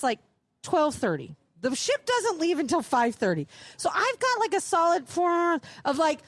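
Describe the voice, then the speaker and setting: A woman co-hosting a live podcast show, telling a long story with lots of swearing and acting out each voice in the dialogue. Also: dry recording. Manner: profane, acts out dialogue with big pitch jumps. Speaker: podcast co-host. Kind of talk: animated storytelling. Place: live show on a cruise ship.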